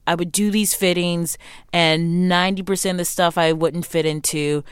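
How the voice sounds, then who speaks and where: A young adult woman talking candidly as an interview guest, emphatic and animated, acting out what other people said to her. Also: fairly low pitch, moderate pace, smooth, no echo, studio quality. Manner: animated, emphatic, acts out quoted remarks.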